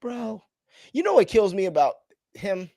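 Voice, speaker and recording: A man's voice: high voice, sing-song, a little slow, creaky, dark tone, no room sound, studio quality. A man hosting a casual podcast chat, rambling and trailing off as he searches for names. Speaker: podcast host.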